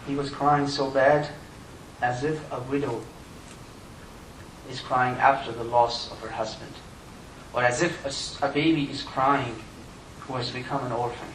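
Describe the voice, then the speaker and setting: A man giving an impassioned Friday sermon as imam, his voice surging high and loud on key points. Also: fairly even intonation, unhurried, long pauses, slight background noise. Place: mosque prayer hall. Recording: echoey room miked from a distance.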